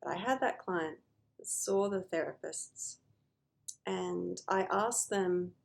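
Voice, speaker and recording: A woman's voice: on the low side, slow pace, vocal fry. A woman therapist talking earnestly to camera about noticing emotions, sometimes acting out conversations with clients.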